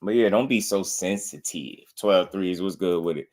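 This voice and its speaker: A young man riffing through a boxing livestream in loose, slangy banter. His voice sits fairly low. He laughs easily and keeps calling out names from the chat. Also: moderate pace. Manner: laid-back slangy banter, laughing often, shouting out chat. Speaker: boxing commentary host. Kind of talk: casual live-stream commentary.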